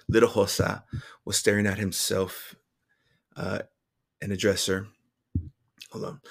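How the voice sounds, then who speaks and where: Slow, earnest man reading his journal. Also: on the low side, gravelly. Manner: earnest, emotional, halting restarts. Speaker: vlogger.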